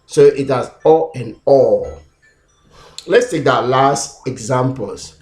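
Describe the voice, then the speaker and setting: A man's voice: medium pitch, takes it slowly, a little mellow, echoey room. A man teaching an English pronunciation lesson, sounding out and repeating each sound several times on his own camera. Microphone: self-recorded camera.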